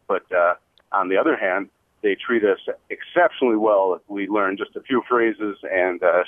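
A man's voice: fairly low pitch, no room sound. A man from the United States calling in to a radio show, enthusiastic and rambling. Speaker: caller. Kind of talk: radio call-in comment. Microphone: phone line. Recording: dry phone-line audio.

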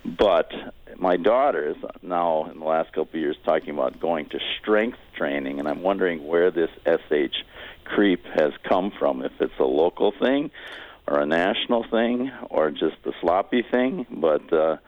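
Male radio caller, very low voice, hesitant, phone-line sound. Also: moderate pace. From Wisconsin, USA. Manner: rambling, hesitant. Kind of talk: call-in question. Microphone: telephone.

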